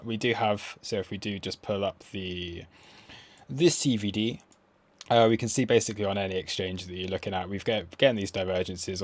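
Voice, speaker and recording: A man's voice: on the low side, no echo. A man hosting a live crypto trading stream, talking through charts in a rambling, self-correcting way. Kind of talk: live market analysis chat.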